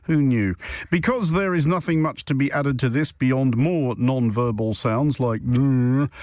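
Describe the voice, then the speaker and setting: A man's voice: medium pitch, measured pace, a little mellow, dry recording. A man hosting a studio panel show on radio, with dry, wry chatter and the odd chuckle. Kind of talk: witty studio panel chat. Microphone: studio mic.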